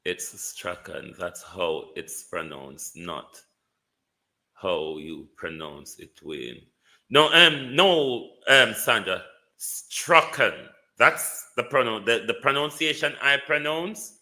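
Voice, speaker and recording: A man with a Jamaican accent and a mid-range voice hosts a live stream, offering casual political commentary. He speaks slowly in a pushed, bright tone, greeting viewers by name and repeating words for emphasis.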